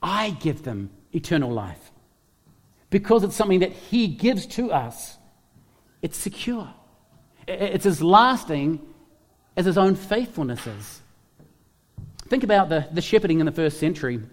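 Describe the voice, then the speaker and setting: A man's voice: sits high, sing-song, unhurried, pauses often, big-room sound. A man preaching a sermon, emphatic, repeating key phrases and putting questions to his listeners. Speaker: pastor.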